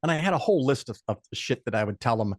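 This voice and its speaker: An older man speaking as a podcast guest, blunt and opinionated, with casual swearing in his storytelling. His voice sits at a middle pitch for a man. It is recorded dry and close, with no room sound. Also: lively intonation, fast talker, no room sound. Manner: blunt and profane; opinionated, lays out firm rules.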